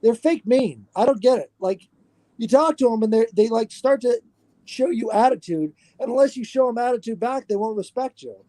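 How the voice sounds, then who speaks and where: A man talking on a podcast as a guest, lecturing in an animated, profane way. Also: very high-pitched, moderate pace, no echo. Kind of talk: casual podcast chat.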